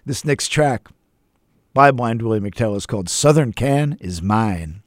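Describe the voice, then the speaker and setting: A man hosting a music show, talking casually and with enthusiasm, now and then pausing on an "uh" or "um". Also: mid-range voice, animated, dry recording, clean studio sound. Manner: enthusiastic, chatty, with fillers. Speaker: host. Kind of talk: casual radio talk about music.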